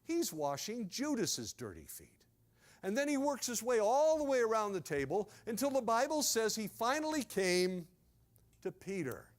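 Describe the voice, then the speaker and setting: A male pastor delivers a sermon as a dramatic story and speaks directly to his congregation now and then. His voice sits high, and his pitch swings with lively emphasis.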